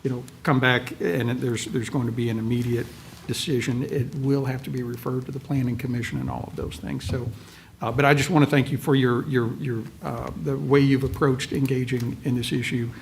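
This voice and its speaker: A gravelly man speaks as a county official at a public meeting. He talks haltingly, repeating words as he goes. A faint hum sits behind him. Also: medium pitch.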